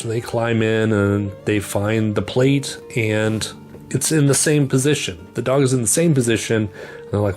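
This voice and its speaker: A middle-aged man chats through a horror story in an animated, loose way, dropping the odd curse and slipping into the characters' voices. His voice sits in an ordinary middle range. Faint music plays softly behind him. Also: medium pitch. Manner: animated, swears, acts out lines. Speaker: book reviewer. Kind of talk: casual plot retelling.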